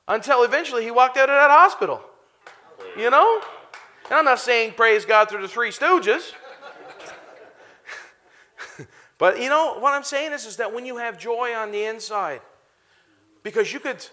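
A man in his thirties preaching a sermon to a live congregation, animated and often laughing as he talks to them directly. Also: high-pitched. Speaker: pastor.

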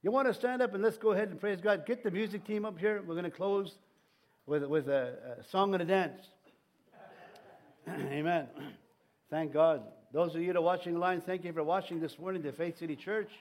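A man's voice: high-pitched, normal speed, darkish tone. A middle-aged man, preaching a sermon in a church, rambling and folksy, with many restarts and fillers. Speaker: pastor. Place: church sanctuary.

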